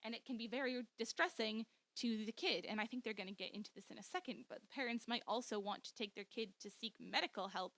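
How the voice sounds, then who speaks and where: A woman's voice: fairly high pitch, fast talker, few pauses, fairly bright tone. A woman giving an informal commentary monologue, peppered with "like", acting out the quotes she cites. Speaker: video commentator.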